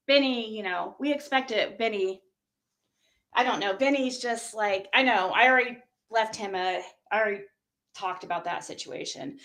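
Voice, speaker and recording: A woman's voice: on the high side, fairly bright tone. A woman livestreamer in a heated, profane rant, talking straight to her chat.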